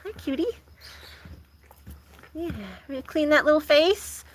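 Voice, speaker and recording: A woman's voice: sits high, slow, rough recording. A woman chatting casually in a vlog while caring for her farm animals, talking sweetly to them. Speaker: animal vlogger.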